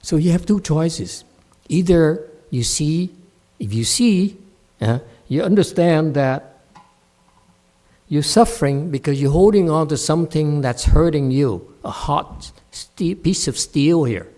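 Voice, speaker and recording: Expressive and blunt, a male meditation master scolds a student during a dharma talk at a temple. He swings between low, deliberate speech and loud, high outbursts.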